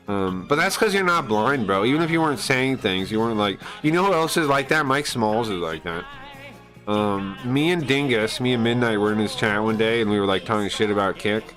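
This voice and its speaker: A man's voice: fairly low pitch, a bit bright, rough recording. A man on a live stream ranting casually. He swears a lot, sounds aggrieved and rambles with restarts.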